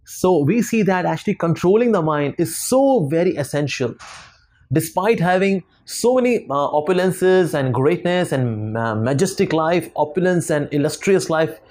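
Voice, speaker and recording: A man's voice: a little high, expressive, moderate pace, a little mellow. A man with an Indian English accent giving a devotional lecture to students, telling stories with acted quotes and many fillers. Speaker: spiritual lecturer.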